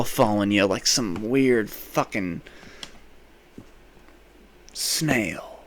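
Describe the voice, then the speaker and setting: A young man hosting a podcast, telling a rambling, profane comic story, swinging between loud rants and mumbled asides. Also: mid-range voice, animated, normal speed, a little hiss or hum. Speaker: podcast host. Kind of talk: rambling comedic monologue.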